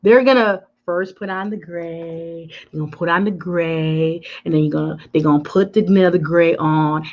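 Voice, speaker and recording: A woman's voice: fairly low pitch, moderate pace, hardly any pauses. A woman hosting a live makeup tutorial, chatting emphatically with her viewers and answering their comments. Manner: animated, emphatic. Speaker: beauty influencer. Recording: dull lo-fi livestream audio.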